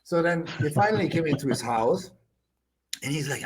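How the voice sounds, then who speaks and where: An older man with a German accent, a bodybuilder guest telling animated stories, acting out quotes with loud bursts and laughter. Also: a little high, moderate pace. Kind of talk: animated storytelling.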